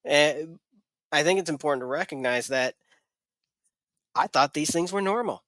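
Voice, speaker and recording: A man speaking as a guest on a podcast, sharing hard personal memories haltingly, with many restarts. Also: a little high, fairly bright tone, dry recording. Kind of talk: candid personal conversation.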